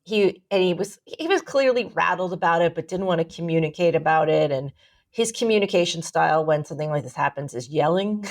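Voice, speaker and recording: Rambling, animated woman telling a story. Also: lowish voice, a little fast. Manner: animated, rambling, swears freely. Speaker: podcast co-host. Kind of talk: casual storytelling chat.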